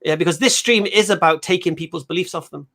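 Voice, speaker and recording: A man hosting a livestream discussion, talking in an animated way and telling stories full of voiced quotes. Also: high voice, fast talker. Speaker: host. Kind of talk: livestream debate chat.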